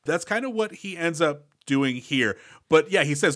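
A man's voice: mid-range voice, normal speed, fairly bright tone, no room sound, clean studio sound. A man co-hosting a movie podcast, giving wry, enthusiastic plot recaps in casual chat. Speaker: podcast co-host.

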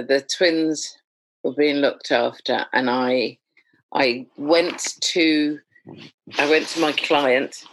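A woman's voice: very deep voice, no room sound. Chatty woman telling stories. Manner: lively, chatty, self-deprecating humor. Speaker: doula, podcast guest. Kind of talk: conversational storytelling.

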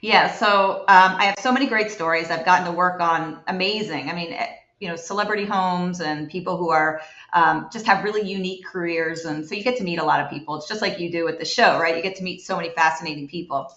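A woman, a home environmental investigator, telling stories as a guest in an animated, chatty way with many fillers. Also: fairly low pitch, fast. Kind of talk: guest storytelling in a chat. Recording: roomy, dull lo-fi sound.

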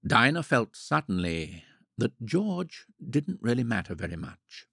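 A man narrating a classic novel in a measured, wry manner. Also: medium pitch, sing-song, gravelly, fairly bright tone, breathy edge, no room sound, clean studio sound. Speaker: audiobook narrator. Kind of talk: scripted narration.

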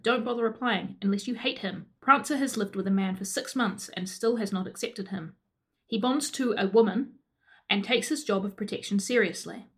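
A woman's voice: medium pitch, a bit bright. A woman reading out a comic adoption listing in a dry, sardonic manner. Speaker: reader of a pet adoption listing.

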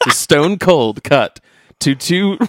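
A man's voice: on the high side, lively intonation, slow, fairly bright tone, no room sound, studio quality. A man casually recapping a movie scene by scene, rambling, laughing often and dropping into brief mocking voices. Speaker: podcast co-host.

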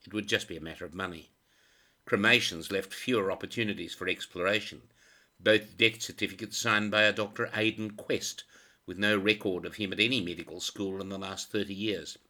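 A man's voice: deep voice, steady tone, fairly quick, pushed and bright. A man narrating a crime novel in a dry, sardonic manner. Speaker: audiobook narrator.

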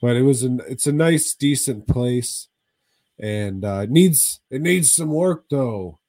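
A man's voice: medium pitch, lively intonation, slow pace, dark tone, no echo. A man co-hosting a podcast, recapping a horror movie in casual chat, swearing often and rambling. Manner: profane, rambling, drawling recap. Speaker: podcast co-host.

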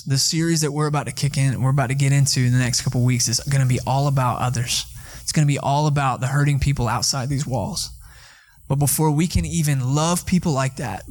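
A man's voice: medium pitch, darkish tone. A young man from Atlanta, preaching a sermon in a conversational, storytelling way. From Atlanta, Georgia. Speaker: pastor.

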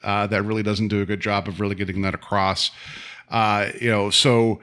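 A man's voice: lowish voice, little pitch movement, normal speed, pushed and bright. A man in casual conversation, talking through a film scene with rambling asides and little acted-out lines. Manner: rambling, many fillers, acts out dialogue in quotes. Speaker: co-host reviewing a film. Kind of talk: casual chat.

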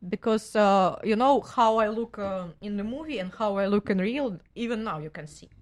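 A woman's voice: mid-range voice, moderate pace. A young woman with a Russian accent, speaking broken English and laughing often as a guest in a casual chat.

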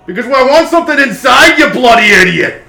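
A man voicing a cranky male coffin construct in a tabletop game, shouting curt lines, recorded in an echoey room. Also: fairly high pitch, fairly quick, pitched above the performer's own voice, lightly acted. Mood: irritated. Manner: shouty, curt, prefixes lines with speech type.

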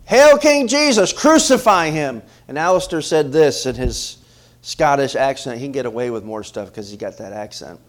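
Preaching at a normal speed in a mid-range voice, a middle-aged pastor delivers a lively sermon. He frequently repeats himself and asks his congregation questions.

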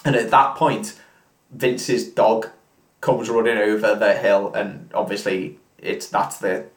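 In an echoey room, a podcast co-host with a fairly low, flat-pitched voice slowly retells a film plot. It's casual drunken chat, rambling and sweary and full of fillers.

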